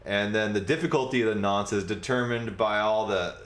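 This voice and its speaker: A man's voice: on the low side, a little fast, a bit bright, roomy sound. A man hosting a casual livestream, explaining a technical topic in a rambling way with many fillers and side jokes. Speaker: podcast host.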